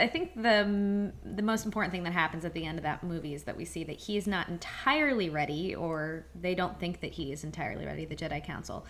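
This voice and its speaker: A woman with a fairly low voice co-hosts a relaxed podcast conversation. She talks in a measured, unhurried way, often pausing on "um" and moving the discussion along with questions. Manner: measured, steers the talk with questions, frequent "um" pauses. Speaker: podcast co-host.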